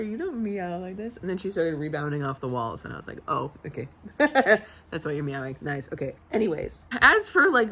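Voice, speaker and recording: A woman's voice: medium pitch, a bit bright. A young woman chatting casually in a book vlog, emotional, laughing often and swearing freely. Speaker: book vlogger. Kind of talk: casual chat. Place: at home.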